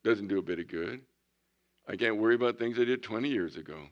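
A man in his sixties preaching a folksy sermon, swinging from loud bursts to hushed tones. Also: on the low side, fast talker, dull audio. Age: 60s. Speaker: pastor.

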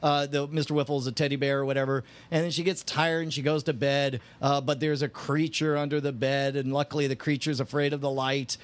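A man's voice: medium pitch, flat delivery, a little fast, hardly any pauses. A man in his thirties on a podcast, animatedly retelling a story and laughing often. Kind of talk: casual chat, storytelling.

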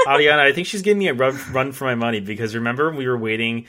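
A man's voice: mid-range voice, rapid-fire, bright, forceful tone. A man co-hosting a casual podcast chat, teasing the others and laughing a lot. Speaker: podcast co-host.

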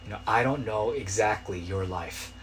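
Low-voiced man preaching a sermon. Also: moderate pace, a little hiss or hum. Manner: conversational preaching that swells to loud pleading cries. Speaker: pastor.

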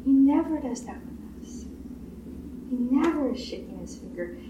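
A woman pastor delivers a sermon with emphatic repetition, slipping into quoted voices. Her voice sits somewhat high and is picked up from a distance in a reverberant room with a faint hiss. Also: expressive, normal speed, lo-fi sound. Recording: roomy echo, distant mic, faint hiss.

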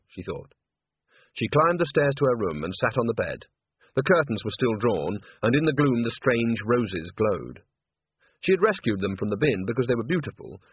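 Husky-voiced male audiobook narrator. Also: medium pitch, no room sound. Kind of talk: scripted narration. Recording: dry, narrow lo-fi band.

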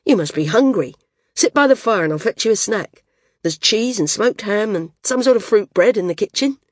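A woman's voice: medium pitch, lively intonation, moderate pace, dry recording, clean studio sound, voice pushed up, close to an everyday voice. A woman voicing a lean, cheerful but stubborn male flyer in an audiobook, reading his lines earnestly and argumentatively.

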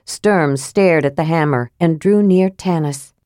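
A woman narrating a fantasy audiobook in a steady, measured reading voice, close to the mic. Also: low voice, dry recording.

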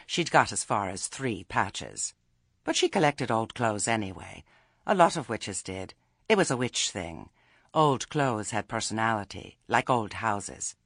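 Gravelly man narrating a storybook. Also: medium pitch, fairly bright tone, no echo, clean studio sound. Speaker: audiobook narrator. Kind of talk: scripted narration.

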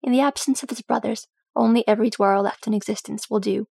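A woman voicing a gruff old male dwarf warrior with a blunt, growling manner in a storybook reading. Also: on the high side, steady tone, quick pace, darkish tone, no echo, clean studio sound. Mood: wry.

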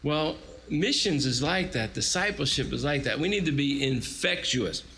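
Bright, animated male preacher. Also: fairly high pitch, moderate pace, slight background noise, low-quality recording. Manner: animated storytelling with acted-out quotes. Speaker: guest preacher. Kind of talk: sermon.

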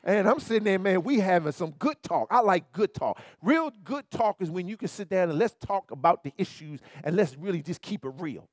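A man pastor preaching a sermon in an animated, colloquial way, turning often to his listeners with repeated asides. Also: high voice, brisk, few pauses, dry recording, clean studio sound.

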